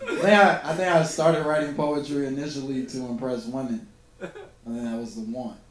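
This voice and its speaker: A man's voice: medium pitch, steady tone, normal speed. A man doing stand-up comedy, talking in a conversational, self-deprecating way. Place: comedy club on stage. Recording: echoey club with crowd laughter.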